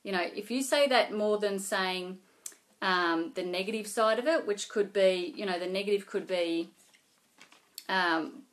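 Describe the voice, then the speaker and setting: A young adult woman speaks straight to her viewers in a relaxed, chatty way. Her voice sits at an ordinary middle pitch, and she often circles back with fillers and restarts while she explains sales tips. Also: normal speed. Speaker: network marketing vlogger. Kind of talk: casual advice vlog to camera.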